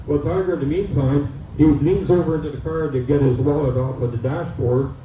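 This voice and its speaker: A man's voice: fairly high pitch, fairly even intonation, fairly quick, mellow. A man, emceeing an event and telling folksy jokes with plenty of uhs. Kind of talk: joke telling at a community event. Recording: echoey PA, distant mic, faint noise.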